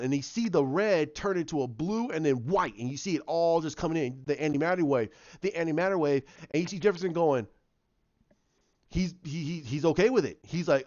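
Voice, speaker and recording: A fairly high-voiced man rambles through a recap, and he jumps into the scenes to act them out. He stumbles and restarts often, and his voice sounds close and dry. The sound is muffled, with the top end dulled. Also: a little fast, no echo. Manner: rambling, animated, acts out scenes with repeated restarts. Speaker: show recapper. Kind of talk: casual spoken recap.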